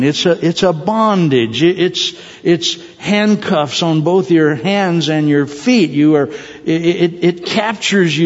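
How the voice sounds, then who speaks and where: A man preaching a sermon in an animated way, with joking asides and digressions. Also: fairly high pitch. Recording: dull sound with long hall reverb.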